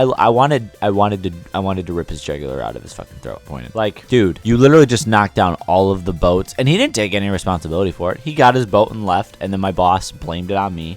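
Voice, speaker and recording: Young guy, lowish voice, rambling sweary story vlog, bit of music under it. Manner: profane, animated, self-mocking. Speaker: vlogger telling a story. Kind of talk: casual storytelling to camera.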